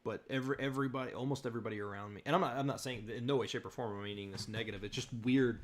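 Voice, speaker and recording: A young man from southern Virginia, with a mid-range voice, steady tone and very fast delivery, hosts a loose live-stream chat. He rambles with many fillers while reading and answering comments, his General American accent carrying a slight Southern Virginia tinge.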